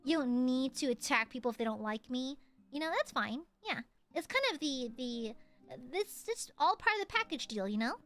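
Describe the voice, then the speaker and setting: A woman's voice: high-pitched, lively intonation, moderate pace, fairly bright tone. A woman streamer chatting casually with viewers, giggly and playful with lots of fillers.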